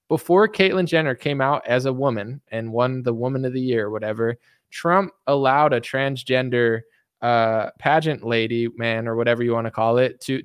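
Reading out viewer comments on his casual livestream, a young man mocks them sarcastically and slips into impressions. The smooth, medium-pitched voice has studio quality and no room sound.

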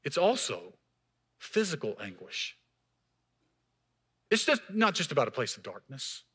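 A man preaching a sermon in a church as pastor, emphatic, swinging between raised passages and hushed, quiet lines. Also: fairly high pitch, wildly swooping pitch, measured pace, slightly rough.

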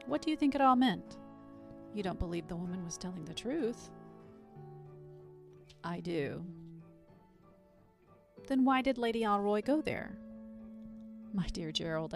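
A woman reading a classic short story aloud in a measured, expressive way. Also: lowish voice, gravelly. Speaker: story reader.

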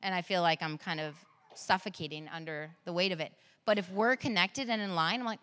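A woman in her thirties gives an earnest sermon full of personal stories. Her voice is bright and forward. It rings with the long reverb of a large hall. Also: fairly low pitch, brisk. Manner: earnest, storytelling, laughs at her own stories. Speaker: preacher.

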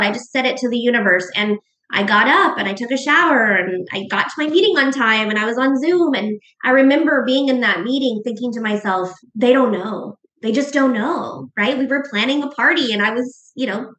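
A guest author on a podcast, this middle-aged woman speaks with a fairly high pitch and a fairly bright tone, recorded in an echoey room. Sharing something personal, she comes across earnest and emotional, frequently starting her sentences over.

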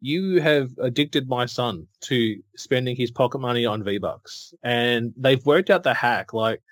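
A middle-aged man co-hosting a podcast, an animated storyteller who acts out dialogue and laughs often. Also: mid-range voice, unhurried, no room sound. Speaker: podcast co-host. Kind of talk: casual chat.

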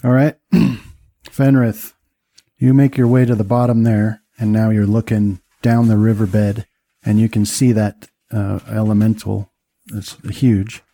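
A man narrating as game master, describing scenes with many pauses and fillers. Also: fairly low pitch, level tone, mellow, no echo.

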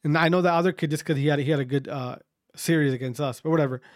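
A man's voice: fairly high pitch, steady tone, fast talker, dry recording, studio quality. A man casually telling a long story to his viewers, rambling, repeating himself and swearing often.

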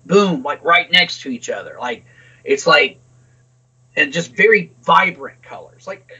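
A man's voice: on the high side, expressive, a little slow, sharp tone, breathy edge, dull audio. A man co-hosting a podcast, rambling and swearing with lots of "like" and "dude". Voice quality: rambling, profane, lots of fillers. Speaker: podcast co-host. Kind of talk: casual chat.

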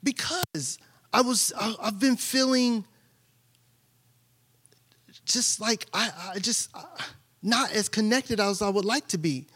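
A man's voice: high voice, slow, long pauses, sharp tone, husky. A male pastor preaching a candid, conversational sermon, telling stories with frequent restarts and repeated words.

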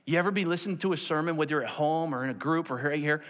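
A man's voice: a little high, very fast. A man preaching a sermon in a church, telling a personal story and acting out the voices of the people in it, often checking in with "okay?". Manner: animated, acts out quoted voices, repeats "okay?". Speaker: pastor. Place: church sanctuary. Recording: long hall reverb.

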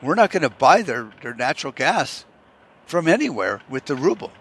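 A man's voice: a little high, big pitch swings, normal speed, a bit bright, husky. Sarcastic profane podcast man ranting. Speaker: podcast host. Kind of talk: profane monologue rant.

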